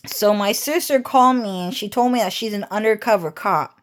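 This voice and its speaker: A woman's voice: mid-range voice, a little fast. A young woman vlogger telling a meandering story in casual speech, repeating herself, swearing often and laughing as she talks.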